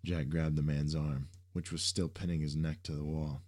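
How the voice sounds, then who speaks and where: A man reading an action story aloud in steady scripted narration. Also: extremely low pitch, normal speed.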